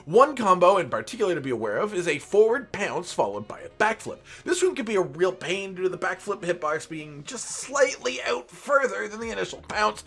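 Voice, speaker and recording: A man's voice: high-pitched, sing-song, a little fast, creaky, few pauses, a bit bright. A young man narrating a scripted game guide as host, with playful, sarcastic asides. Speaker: gaming channel host.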